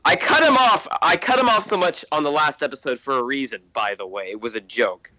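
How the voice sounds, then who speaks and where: Young male co-host, bright lively voice, wisecracking, recorded on a phone, dry sound. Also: medium pitch, no echo, muffled recording. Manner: joking, quick wisecracks. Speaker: podcast co-host. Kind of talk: casual podcast chat.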